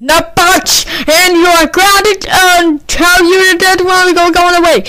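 Woman voicing a shrill furious scolding parent. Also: little pitch movement, takes it slowly. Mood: angry. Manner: angry, stumbling scolding rant. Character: furious scolding parent figure grounding kids. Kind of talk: amateur animated grounding video voice acting. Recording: noisy home recording.

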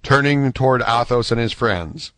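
A man's voice: medium pitch, no room sound. Man narrating an audiobook, dry sound. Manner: steady, measured reading. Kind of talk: scripted narration.

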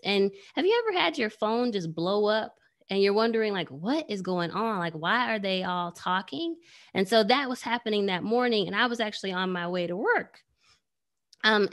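A woman in her thirties tells a story from her own life in a relaxed, conversational way. She leans on "like" constantly and lets her voice leap upward for sarcastic asides before settling back to a mid-range tone. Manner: animated, jumps high for sarcastic asides; frequent "like" fillers. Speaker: trading educator. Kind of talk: personal storytelling talk.

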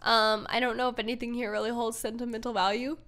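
A woman's voice: fairly high pitch, little pitch movement, quick pace, fairly bright tone. A young woman giving casual, chatty commentary while playing a life-sim game, thinking aloud and often giggling. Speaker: gaming YouTuber. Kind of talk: casual let's-play commentary.

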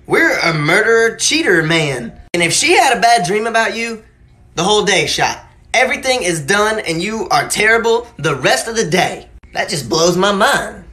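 A man's voice: sits high, pushed and bright. A man ranting casually in an exasperated, comedic way.

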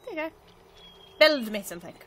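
A woman chatting through a video game, self-mocking, with sudden excited cries. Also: high-pitched, fairly quick. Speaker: let's play gamer. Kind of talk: casual gameplay commentary.

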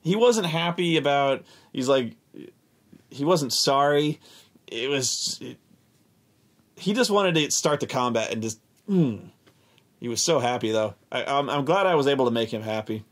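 A man telling a casual, profane story about a tabletop game, animated and exasperated, often repeating himself. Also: medium pitch, unhurried, long pauses.

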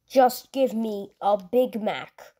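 A woman voicing a blunt, menacing male demon-slaying marine who makes curt, flat demands in a comedy sketch. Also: mid-range voice, takes it slowly, pitched below the performer's own voice. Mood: gruff demanding.

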